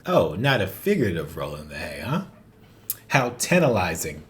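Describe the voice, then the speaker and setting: A man's voice: low-pitched, wildly swooping pitch, normal speed, background noise. A man hosting a casual movie reaction, making joking asides and laughing often.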